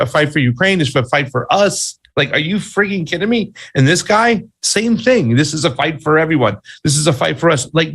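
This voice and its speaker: A man's voice: fairly high pitch, gravelly, fairly bright tone. A man co-hosting a political commentary show, blunt and exasperated, with slangy asides. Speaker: co-host.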